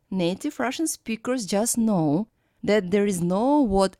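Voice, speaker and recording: A woman teaching a language lesson, reading her script and sounding out example words slowly and carefully. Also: medium pitch, animated, dark tone, dry recording, clean studio sound. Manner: slow, careful, clearly pronounced examples.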